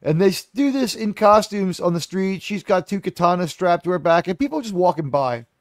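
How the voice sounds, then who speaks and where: A man's voice: high voice, animated, fairly quick, no echo, clean studio sound. Rambling, profane male film reviewer. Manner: rambling, profane, with many fillers. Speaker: movie reviewer. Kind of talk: casual spoken film review.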